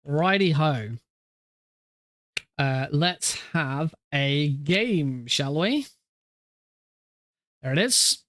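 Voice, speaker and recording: A man's voice: a little high, animated, drawn-out words, pauses often, fairly bright tone, no echo. A man streaming a speedrun who chats casually, thinks aloud and often restarts his sentences. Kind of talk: casual live-stream chat.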